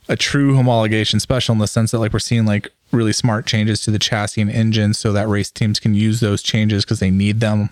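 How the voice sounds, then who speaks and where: A low-voiced man in his thirties talks loosely on a show. He wanders through fillers and restarts. The sound is dry and close. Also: clear, resonant tone, no echo. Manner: rambling, many fillers and restarts. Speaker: podcast co-host. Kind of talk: casual chat.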